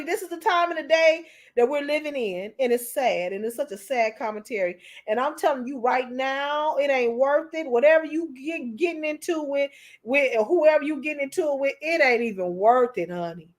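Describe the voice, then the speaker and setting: Emotional, preachy high-voiced woman. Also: fairly quick. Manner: preachy, repeats herself, calls listeners honey. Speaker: commentator. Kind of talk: emotional commentary.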